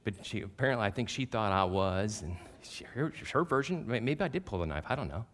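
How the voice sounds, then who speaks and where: Lowish-voiced man in his fifties preaching. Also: a little fast, a little hiss or hum. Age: 50s. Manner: animated, self-deprecating storyteller who gets loud at punchlines. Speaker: pastor. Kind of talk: sermon with personal storytelling.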